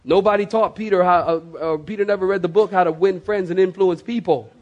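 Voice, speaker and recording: A male pastor, preaching a sermon to his congregation with emphatic, slowly stressed words. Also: high voice, steady tone, darkish tone, lo-fi sound. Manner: emphatic, dramatic slow stresses, addresses the congregation. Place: church before a congregation.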